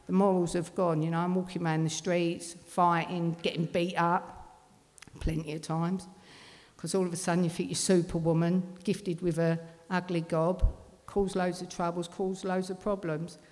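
A woman's voice: fairly low pitch, level tone, moderate pace, darkish tone. A middle-aged woman telling a blunt, swearing personal recovery testimony. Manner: blunt, swearing, working-class London speech. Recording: long reverb of a hall.

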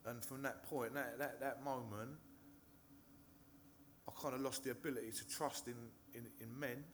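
A man's voice: medium pitch, fairly even intonation, moderate pace, fairly bright tone, slight background noise. Nervous English man telling his story. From Hertfordshire, England. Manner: nervous, swears often, restarts and filler phrases. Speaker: speaker sharing recovery story. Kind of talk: personal testimony to a live audience. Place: stage in a meeting hall.

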